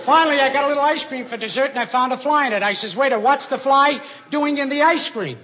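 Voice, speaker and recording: A man telling rapid stand-up jokes in deadpan one-liners, on an old broadcast recording. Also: extremely high pitch, low-quality recording. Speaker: stand-up comedian.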